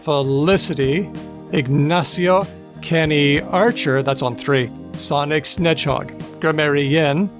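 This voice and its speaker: A man hosting a podcast in a playful, casual way, briskly reading out lists of names. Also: on the high side, faint music behind. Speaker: podcast host.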